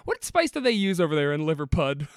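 A man's voice: fairly high pitch, sing-song, quick pace, no room sound, studio quality. A man co-hosting a podcast, chatting casually, joking and laughing often. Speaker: podcast co-host.

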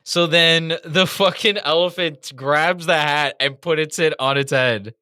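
A man co-hosting a casual review podcast, telling stories in an animated, profane way. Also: fairly high pitch, unhurried, dry recording, studio quality. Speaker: podcast co-host.

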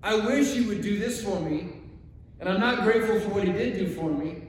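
A man's voice: sits high, a little fast, slight background noise. A man preaching a sermon, telling stories animatedly and acting out the voices of the people in them. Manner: animated storytelling, acts out quoted voices. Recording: echoey hall from far off.

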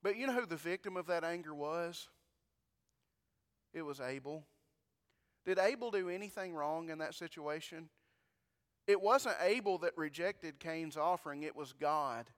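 A man's voice: a little high, normal speed, pauses often, big-room sound. A male pastor preaching a sermon in a conversational way, asking the congregation questions and often repeating his words.

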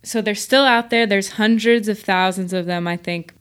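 Brief: woman podcast host, casual chat, quick and laughing. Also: medium pitch, a bit bright, clean tone. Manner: chatty, laughing, quick explaining.

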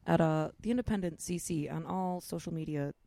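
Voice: mid-range voice, gravelly, mellow, dry recording. A comedian guest on a podcast, casually plugging their club nights and social media. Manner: laughs easily, quick plugs. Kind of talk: casual chat.

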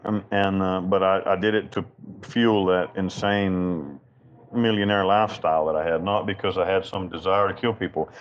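Man, low voice, blunt and profane, rambling storyteller, dull lo-fi audio with faint ambience. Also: fairly even intonation, normal speed, slight background noise. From Western North Carolina. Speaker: interview guest. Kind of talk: candid storytelling interview.

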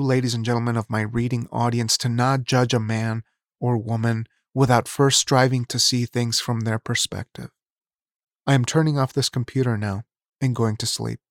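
A man's voice: mid-range voice, steady tone, moderate pace, no echo, studio quality. An older man, a teacher, reading his own personal story aloud in an earnest, reflective way. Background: background music.

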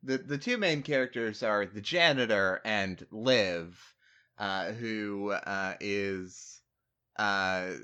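A man's voice: lowish voice, slow pace, sharp tone, smooth, muffled recording. A man in casual chat about a movie, rambling with lots of fillers and the odd swear word.

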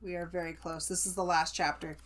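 A woman co-hosting a podcast, summarizing a book in animated, chatty casual talk. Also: lowish voice, a little fast. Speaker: podcast co-host.

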